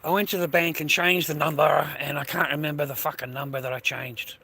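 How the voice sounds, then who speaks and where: A man's voice: fairly high pitch, fairly even intonation, fairly quick, vocal fry, pushed and bright, slightly rough, poor audio. An Australian man rambling crudely on a livestream from a train station, swearing constantly and greeting viewers by name. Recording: faint street noise.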